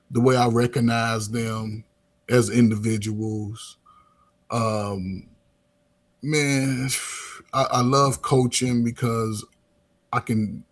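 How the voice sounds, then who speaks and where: A middle-aged man, a coach and former teacher, talking loosely in casual conversation with lots of restarts and filler words. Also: mid-range voice.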